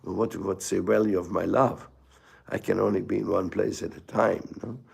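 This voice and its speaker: Older man with a gravelly, husky voice. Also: low-pitched, steady tone, a little mellow. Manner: storytelling, halting restarts, rhetorical asides. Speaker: guru giving a spiritual talk. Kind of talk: informal spiritual lecture.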